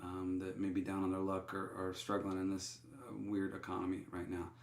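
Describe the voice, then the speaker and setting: A man's voice: deep voice, completely flat delivery, fairly quick, echoey room. A man with a Texan accent, a musician hosting his own livestream, talking loosely with many fillers and restarts. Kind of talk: casual livestream chat.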